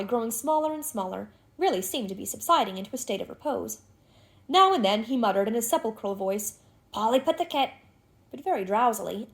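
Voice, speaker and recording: Woman reading a classic novel aloud. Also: fairly high pitch. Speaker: audiobook narrator. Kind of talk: scripted narration of a classic novel.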